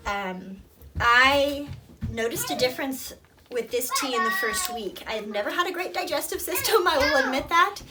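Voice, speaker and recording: A woman with a slightly higher voice gives a heartfelt review to camera in an earnest, emotional way. She rambles, restarts her sentences and leans on fillers. She sounds a little distant from the mic, with clear noise behind her. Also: animated, normal speed. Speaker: product reviewer, mother of toddler twins.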